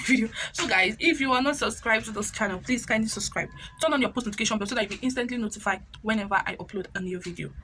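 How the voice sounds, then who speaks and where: A young woman with a Nigerian accent, casually recapping a reality show with animated, chatty storytelling. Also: a little high, a little hiss or hum. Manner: animated, chatty, slips into pidgin when quoting.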